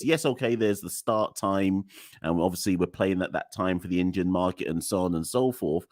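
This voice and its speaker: Weary man with a deep voice. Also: normal speed, a little mellow, dry recording, studio quality. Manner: weary, exasperated, sighing and laughing wryly. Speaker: podcast host. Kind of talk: live solo podcast rant.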